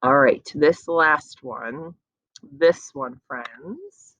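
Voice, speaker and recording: A woman teacher giving an encouraging phonics lesson to young children, slowly stretching out sounds. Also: low voice, fairly bright tone.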